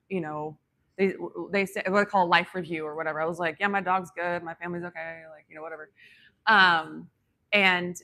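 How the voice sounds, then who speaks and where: A woman's voice: fairly low pitch, gravelly, sharp tone. A woman telling a personal story in a casual, rambling way, full of fillers and restarts, reflective and spiritual in tone. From grew up on a ranch.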